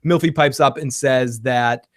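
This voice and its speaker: A man's voice: medium pitch, a little slow, no room sound, studio quality. A man co-hosting a casual podcast recap, talking loosely, laughing often and slipping into quoted lines. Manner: laughs often, quotes scenes in bits of acted dialogue. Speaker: podcast co-host.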